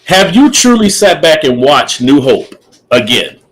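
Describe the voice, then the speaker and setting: A man's voice: a little high, very animated, measured pace, poor audio. A middle-aged man co-hosting a casual podcast chat, opinionated, repeating himself and laughing often. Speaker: podcast co-host.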